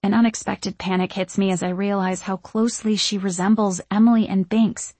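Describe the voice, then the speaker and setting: A woman narrating an audiobook in the first person with expressive storytelling. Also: medium pitch, fairly quick, no echo.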